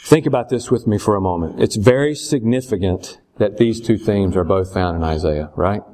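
A man's voice: fairly low pitch, normal speed, warm tone. A man teaching a Bible lesson in a conversational way, often checking in with rhetorical questions.

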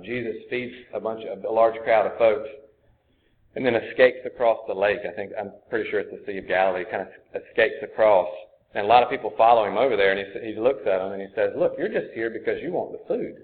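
A man preaching a sermon, earnest and conversational, often thinking aloud as he goes. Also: on the low side. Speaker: pastor. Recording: tinny phone-like sound.

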